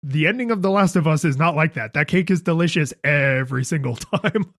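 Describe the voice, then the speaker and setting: A man's voice: a little high, brisk, a bit bright, no echo, clean studio sound. A man in his thirties co-hosting a casual podcast, talking in a wry, emphatic way and laughing easily. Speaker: podcast co-host. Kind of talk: casual chat.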